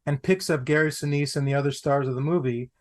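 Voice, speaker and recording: A man, an actor guest on a podcast, telling anecdotes in an animated way, repeating phrases for comic effect. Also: a little high, fast talker. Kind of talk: anecdotal storytelling.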